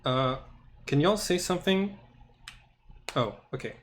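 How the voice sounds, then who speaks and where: A man's voice: on the high side, expressive, a little slow, a bit bright, a little hiss or hum. A man running a tabletop game as game master, hesitant and full of filler sounds, on a headset. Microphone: headphones with microphone.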